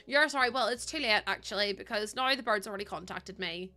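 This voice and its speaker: A woman streamer chatting casually with her live chat, excitable and talkative, laughing often. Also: mid-range voice, moderate pace, soft background music.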